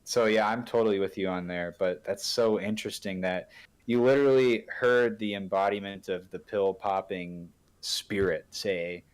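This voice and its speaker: A man's voice: low voice, normal speed, clear, resonant tone. A man hosting a podcast in a laid-back, enthusiastic way, filling his talk with "like" and "dude". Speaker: podcast host. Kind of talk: casual conversation.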